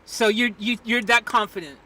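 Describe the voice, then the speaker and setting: A man's voice: high voice, moderate pace, sharp tone. A man hosting a live stream, chatting casually and rambling with lots of fillers and restarts. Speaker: stream host. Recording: noisy background hiss.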